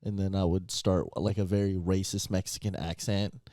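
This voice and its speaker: A man's voice: sits low, level tone, moderate pace, warm tone, no echo, clean studio sound. Young man in goofy podcast banter. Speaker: podcast co-host. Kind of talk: casual chat.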